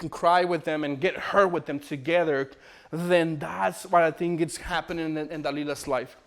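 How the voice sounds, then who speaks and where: Animated man preaching with stories. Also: a little high. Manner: storytelling, animated, restarts often. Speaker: guest speaker, missionary. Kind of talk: informal preaching talk.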